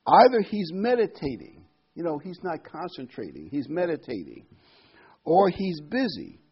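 A preacher acting out a sarcastic mocking prophet. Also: male voice, on the low side, very animated, normal speed, slightly rough, muffled recording, heavily acted. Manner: sarcastic, taunting. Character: mocking male prophet taunting rivals.

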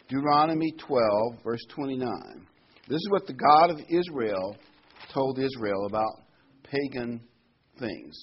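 A man's voice: mid-range voice, lo-fi sound, slight background noise. A man delivering a sermon, reading Bible verses aloud and then explaining them in plain everyday words. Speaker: preacher.

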